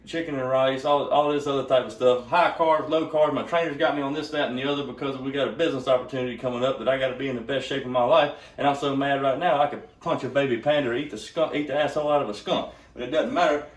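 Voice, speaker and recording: A man's voice: mid-range voice, echoey room, far from the mic, low-quality recording. A man doing a brash, profane, joking cooking demo in his home kitchen. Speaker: cooking vlogger. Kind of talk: casual cooking demo with storytelling.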